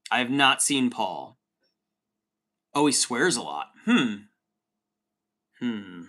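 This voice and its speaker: Bright-voiced man swearing casually. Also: mid-range voice, sing-song, slow pace. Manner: profane, rambling, says dude a lot. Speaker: livestream host reading chat. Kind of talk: casual chat.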